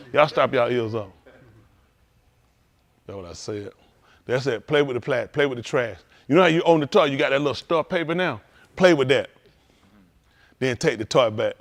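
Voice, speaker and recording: A man's voice: mid-range voice, brisk, long pauses. A man hosting a livestream, talking casually and joking, acting out quoted voices. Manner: animated storytelling, acting out quoted voices, laughing. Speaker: livestream host at a congregation.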